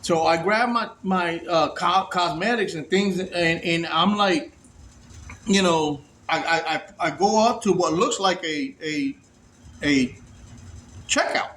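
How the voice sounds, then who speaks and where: Animated, profane man telling a story. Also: a little high, takes it slowly, a little hiss or hum. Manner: animated, profane, acts out other voices. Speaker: storyteller recounting prison release. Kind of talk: casual storytelling to camera.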